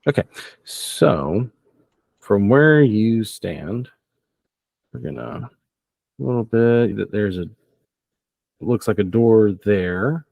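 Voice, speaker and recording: A man's voice: fairly low pitch, animated, slow, vocal fry, long pauses, darkish tone, dry recording. A man narrating as game master, loose and descriptive, often laughing.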